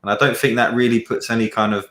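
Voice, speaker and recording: A man on an online panel, talking in a rambling, lively way and pressing his points. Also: mid-range voice, quick pace, reverberant. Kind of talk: casual online debate.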